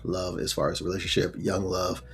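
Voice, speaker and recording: A man's voice: low-pitched, level tone, normal speed, creaky, fairly bright tone, soft background music. A man retelling a sitcom episode in a laid-back, rambling way, full of fillers and little acted quotes. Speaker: show reviewer. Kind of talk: casual episode recap.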